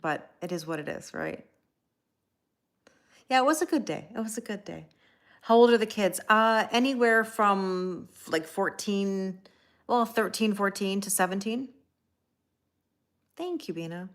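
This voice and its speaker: Animated yet unhurried, with long pauses, this woman speaks at a medium pitch with a slight brightness. Hosting a casual live stream, she wanders through a story, laughs at herself, and greets chat viewers by name. She's a tarot reader and livestream host who is also a schoolteacher.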